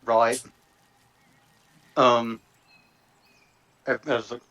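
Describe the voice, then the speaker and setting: A man's voice: mid-range voice, little pitch movement, moderate pace, a bit bright, dull audio. A man playing a tabletop game, chatting casually and describing his character. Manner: chatty, laughs and trails off. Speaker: player.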